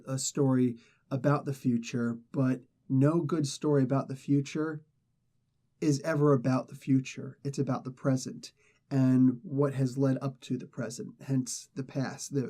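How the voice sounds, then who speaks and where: Guy rambling thru a comic review, keeps correcting himself, kinda warm dark tone. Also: medium pitch. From not British. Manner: rambling, self-correcting, opinionated. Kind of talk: casual spoken review.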